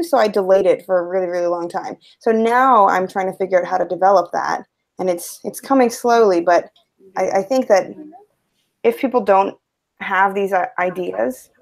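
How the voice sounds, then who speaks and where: A woman's voice: medium pitch, normal speed, creaky. A woman in her twenties speaking hesitantly in a casual panel discussion. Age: 20s. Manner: hesitant, soft-spoken, with fillers.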